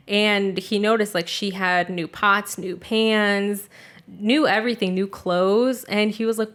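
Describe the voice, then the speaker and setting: A woman's voice: medium pitch, steady tone, unhurried, a bit bright. A young adult woman hosting a podcast, chatting casually and cursing freely, peppering her talk with "like" and acting out the voices of people in her stories. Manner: loose and profane, with heavy filler "like"; retells family stories by acting out the quotes. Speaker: podcast host. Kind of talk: casual chat.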